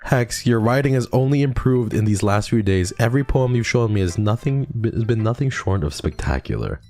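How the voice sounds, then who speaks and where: A man's voice: mid-range voice, expressive, a little fast, soft background music, voice pushed up, close to an everyday voice. A man voicing a shy, bookish teen girl. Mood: admiring. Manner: hesitant, gentle, self-doubting. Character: shy, bookish teenage girl, soft and earnest. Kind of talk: reading a visual novel aloud.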